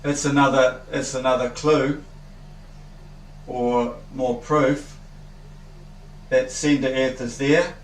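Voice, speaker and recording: A man slowly and earnestly explaining a theory in a halting way. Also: mid-range voice, little pitch movement, roomy sound, distant mic, slight background noise, low-quality recording.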